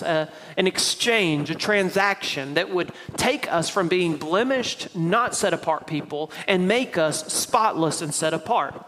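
A man's voice: on the high side, fairly bright tone, big-room sound, a little hiss or hum, poor audio. A man with a Tennessee accent preaching a sermon from the pulpit, explaining scripture step by step in a conversational way. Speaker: pastor. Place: church sanctuary.

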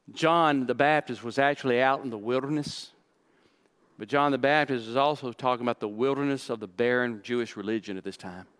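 A middle-aged pastor preaching a sermon, dramatic, acting out quoted lines and repeating words. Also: male voice, medium pitch, fairly bright tone.

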